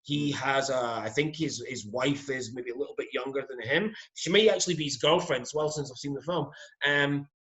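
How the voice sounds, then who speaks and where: A man's voice: medium pitch, a little fast, a bit bright. Opinionated Scottish man on a podcast. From Scotland. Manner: chatty, opinionated, keeps asking "you know what I mean". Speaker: guest. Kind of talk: casual podcast chat.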